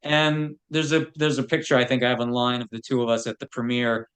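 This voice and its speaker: This film producer is a podcast guest in a casual interview, loosely telling anecdotes peppered with "you know." His voice is mid-range and a bit bright, with a level tone and a fairly quick pace.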